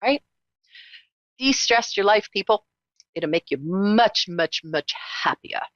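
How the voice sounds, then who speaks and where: A woman hosting a live psychic call-in show, chatty and teasing, her pitch swinging up and down. The sound is dry and a bit dull and lo-fi. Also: slow, no echo. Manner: chatty, animated, teasing, emphatic repetitions.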